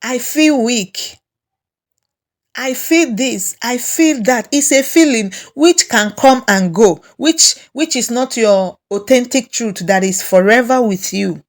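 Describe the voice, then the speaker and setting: A woman with a Nigerian English accent teaches a self-help lesson in a fairly high voice. She speaks very slowly, repeating phrases as she gently coaches the listener through each step. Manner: slow, repetitive, gently coaching.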